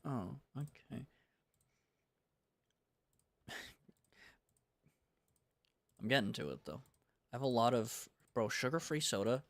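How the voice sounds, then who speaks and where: A man's voice: fairly low pitch, fairly bright tone, no echo, clean studio sound. A young man from the United States chatting casually on a game-dev livestream, rambling and laid-back, full of slang. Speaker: game developer streaming.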